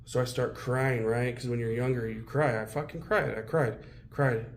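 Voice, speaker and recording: A man's voice: mid-range voice, steady tone, normal speed, gravelly, a little hiss or hum. A man as an interview guest, telling his own story bluntly and with heavy swearing. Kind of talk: candid personal storytelling.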